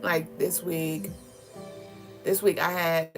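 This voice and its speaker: Brief: young woman, livestream host, low-ish voice, loose slangy chat, music clearly behind. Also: level tone, slow pace. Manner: slangy, candid, laughs often, swears casually. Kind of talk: casual live-stream chat reading comments.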